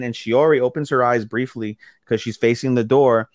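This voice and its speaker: A man co-hosting a podcast, casually recapping an episode with animated delivery and quick bits of acted dialogue, swearing freely. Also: medium pitch, no room sound, clean studio sound. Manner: animated recapping, acting out characters' lines in quick put-on voices, swears freely. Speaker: podcast co-host. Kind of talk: casual chat.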